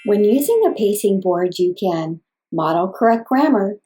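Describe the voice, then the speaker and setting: Calm woman speech therapist explaining. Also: medium pitch, normal speed, a little hiss or hum. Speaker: speech-language pathologist. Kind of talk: scripted instruction for parents.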